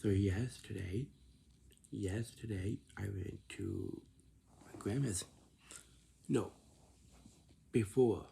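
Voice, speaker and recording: A man's voice: fairly low pitch, slow, gravelly, long pauses, mellow, slight background noise. A man telling a casual, rambling story, often stopping to repeat and correct himself.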